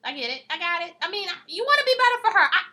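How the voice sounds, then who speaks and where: Woman cohost, high bright voice that jumps around, nosy and excitable. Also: racing. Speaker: podcast co-host. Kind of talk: casual chat.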